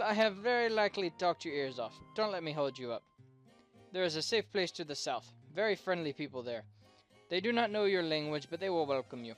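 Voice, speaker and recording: A courteous merchant woman from a fantasy game, speaking in stiff, formal sentences with a vague foreign lilt, as a man reads her part. The voice sits a little high and comes across smooth and clear. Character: humble foreign female trader, polite and mercenary. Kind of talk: reading game dialogue aloud.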